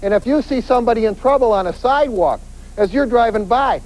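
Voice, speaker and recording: Animated man giving a street-safety lecture. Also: very high voice, a little fast, poor audio. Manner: animated, acts out quoted voices, emphatic repetition. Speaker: police detective giving a safety talk. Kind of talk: lively crime-prevention lecture.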